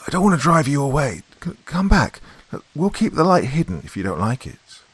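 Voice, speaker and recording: A man voicing a blunt, steady sailor who questions a stranger in a gruff, commanding way. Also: lowish voice, normal speed, no echo, pitched above the performer's own voice, heavily acted. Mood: urgent.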